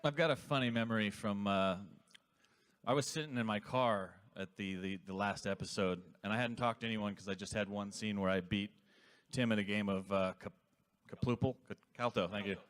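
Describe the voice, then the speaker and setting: A man's voice: fairly low pitch, normal speed, fairly bright tone. A man with a mid-range voice telling a funny story on a convention panel. He rambles and loses his thread, then switches to another tale. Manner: rambling, easily sidetracked, jokey. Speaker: cast member at a reunion panel.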